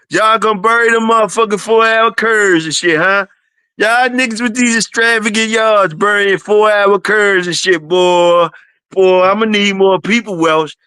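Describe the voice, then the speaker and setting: A man's voice: high voice, pushed and bright, clean tone, dry recording. A man in a casual streamed talk, teasing others with profane banter and repeating their names for emphasis.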